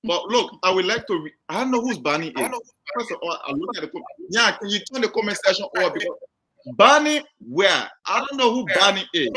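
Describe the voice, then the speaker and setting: A man hosting a live call-in talk show, firm and repeating himself to calm callers. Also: high-pitched, fast talker.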